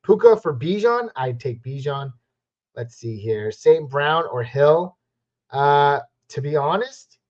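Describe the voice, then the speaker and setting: A man's voice: mid-range voice, darkish tone. West coast guy hosting a live q&a, chatty and upbeat, a bit muffled and lo-fi. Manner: chatty, upbeat, quick verdicts. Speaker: fantasy football live stream host. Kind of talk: live Q&A chat reading viewer questions. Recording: slightly muffled lo-fi stream audio.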